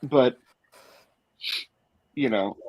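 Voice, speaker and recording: A man's voice: medium pitch, drawn-out words, no echo, dull audio. A man from St. Louis co-hosting a podcast, talking easygoing and full of fillers. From St. Louis, Missouri. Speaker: podcast co-host. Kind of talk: casual podcast chat.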